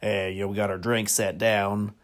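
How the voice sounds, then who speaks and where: A man's voice: fairly low pitch, level tone, moderate pace. A man hosting a comedy podcast, telling rambling stories with frequent chuckles. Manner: rambling, chuckles often, lots of fillers. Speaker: podcast host. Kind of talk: comedic storytelling monologue.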